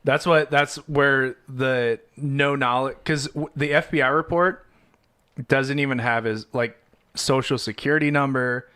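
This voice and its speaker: A man co-hosting a casual podcast, telling the story in an unhurried way with casual swearing. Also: mid-range voice, fairly even intonation, bright, forceful tone, clean tone. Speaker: podcast co-host presenting the story.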